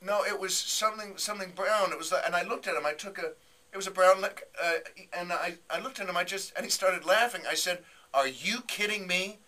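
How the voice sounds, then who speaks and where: A male comedian tells a lively story on a radio morning show, slipping into little voices for the people he quotes. His tone is bright and forward, sitting a touch high for a man. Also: a little fast. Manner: animated, acts out quotes with voices. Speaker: comedian guest.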